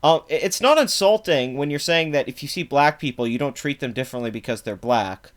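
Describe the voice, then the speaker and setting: A man's voice: mid-range voice, lively intonation. Angry, profane young man ranting. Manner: angry, profane, fast-talking rant with frequent fillers. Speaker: political commentary video host. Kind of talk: reaction rant.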